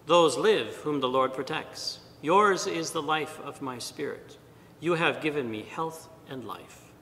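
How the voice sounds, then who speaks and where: A priest reads scripture and preaches in a measured, deliberate manner, pausing between phrases. His voice is very bright and forceful, sitting a little high for a man. It rings out with a long church reverb over a faint low rumble. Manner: measured, deliberate reading with pauses. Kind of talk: liturgical reading and homily.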